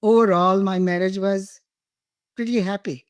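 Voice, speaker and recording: A woman's voice: mid-range voice, fairly even intonation, moderate pace, clean tone, no echo. An older woman from India, a guest telling personal stories in an interview, laughing and emotional at times. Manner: warm, laughing, emotional storytelling.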